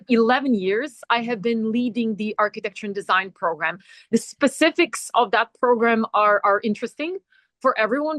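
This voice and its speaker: An academic guest, a woman with a slightly high, fairly bright voice, introduces herself on a video call for a webinar. She's traveling and speaks from a quiet corner with faint music, hesitating with many fillers and restarts. The recording is dry.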